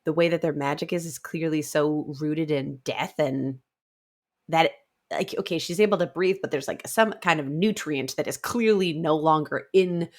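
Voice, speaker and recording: A woman's voice: sits low, moderate pace. A woman co-hosting a podcast, chatting casually about a book with many "like" fillers. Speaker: podcast co-host.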